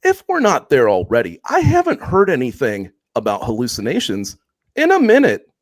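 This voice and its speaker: A man co-hosting a podcast discussion, talking in an animated, conversational way and tagging his points with quick questions. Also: mid-range voice, no room sound, studio quality. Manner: animated, conversational, drops in "right?" tags. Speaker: co-host.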